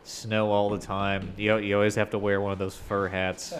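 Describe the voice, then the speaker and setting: A man's voice: on the low side, monotone, normal speed, slight background noise. A man chatting casually as co-host, swearing often and drifting between topics. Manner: profane, loose and digressive. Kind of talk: casual chat.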